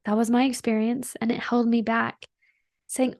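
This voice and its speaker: A woman's voice: on the high side, flat delivery, moderate pace, darkish tone, no echo, clean studio sound. A woman hosting a podcast, telling a personal story in a chatty, earnest and emotional way, full of "like" fillers. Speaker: podcast host.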